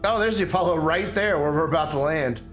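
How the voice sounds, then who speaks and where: A man streaming a video game, giving relaxed, chatty commentary and thinking aloud as he plays. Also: on the high side, fast. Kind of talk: casual gameplay commentary. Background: game music.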